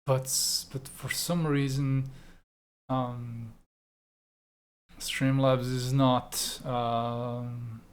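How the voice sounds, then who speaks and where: A man hosting a painting livestream in a relaxed, unhurried way, at an ordinary pitch. He mutters to himself as he works and grumbles when things go wrong, then greets his viewers casually. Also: smooth. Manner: muttering, easily annoyed, talks to himself while fixing things. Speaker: art livestream host.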